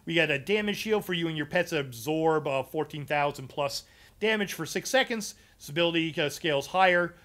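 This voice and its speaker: Bright-voiced man chatting through a game build. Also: fairly high pitch, a little fast. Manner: loose and chatty, full of ums and uhs. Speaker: gaming streamer explaining a character build. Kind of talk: casual walkthrough talking to live chat.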